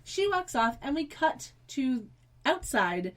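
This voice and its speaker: A woman co-hosting a casual podcast recap, talking in an animated way and leaning on "like" fillers. Her voice sits a little high and swings up and down a lot as she talks. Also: slow pace. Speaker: podcast co-host.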